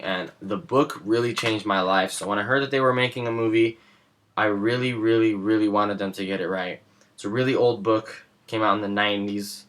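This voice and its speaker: Bright-voiced young man gushing casually. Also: lowish voice. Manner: enthusiastic and rambling, gushing about favorites. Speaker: movie vlogger. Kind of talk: casual chat.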